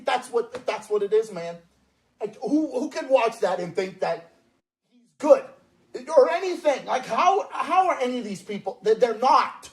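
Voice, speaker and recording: A man with a Massachusetts accent ranting loudly and profanely in a mocking, angry online video. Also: very high voice, very animated, moderate pace. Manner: profane, loud, mocking outbursts.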